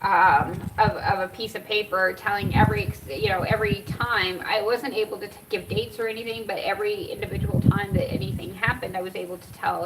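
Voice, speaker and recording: Recorded by a nearby camera's distant outdoor mic, this middle-aged cannabis and cancer vlogger speaks at a normal speed in a steady, medium-pitched voice. Heavy background noise surrounds her as she rambles through an emotional personal story, laughing often.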